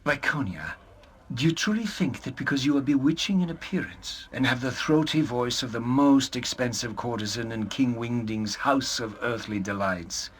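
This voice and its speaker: An actor voicing an intense, brooding male warrior in a video game, speaking in a hushed, breathy, poetic way. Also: medium pitch, expressive, moderate pace, lightly acted.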